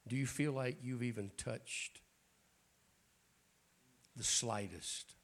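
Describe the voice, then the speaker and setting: A bishop preaches at a church prayer night in a raspy, mid-range voice at a slow pace. He tells folksy jokes in a joking preacher style and clears his throat often.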